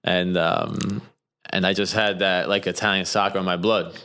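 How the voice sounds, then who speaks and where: A man from New Jersey, a soccer player, telling stories in a relaxed, casual interview and laughing often. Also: low-pitched, moderate pace, smooth. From New Jersey, USA.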